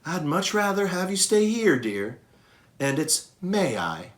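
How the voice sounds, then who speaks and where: A man voicing a calm, motherly female elephant who leads the herd, speaking firmly and gently. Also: high-pitched, slow pace, voice pushed up, full character voice. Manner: firm, gentle, in charge.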